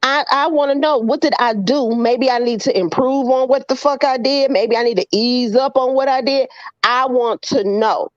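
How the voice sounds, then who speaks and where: A woman talks earnestly, with many questions and casual swearing. Her voice is fairly high, and the recording sounds dry and slightly dull. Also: normal speed, no echo. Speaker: vlog co-host. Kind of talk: casual chat.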